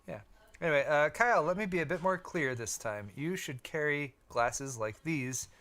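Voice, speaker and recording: Male tech co-host, bright forceful tone, rambling casual livestream chat. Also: on the high side, normal speed. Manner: rambling, self-correcting, reads viewer comments.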